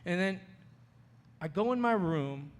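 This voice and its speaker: A man giving an animated personal testimony, storytelling and acting out the voices of people he quotes. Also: sits high, a little slow. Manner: storytelling, acts out quoted voices, laughs often. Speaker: speaker sharing his testimony. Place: conference hall. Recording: long hall reverb.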